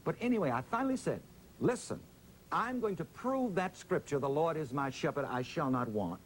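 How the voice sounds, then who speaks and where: Male preacher, interview guest; animated pitch, slow dramatic emphasis, faint rumble. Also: poor audio. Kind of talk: interview answers, preacherly storytelling.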